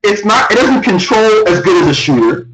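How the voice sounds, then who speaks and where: A young man ranting loudly and in exasperation on a live gaming stream. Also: very animated, moderate pace. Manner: loud, exasperated ranting with big pitch swings. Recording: echoey room, far from the mic.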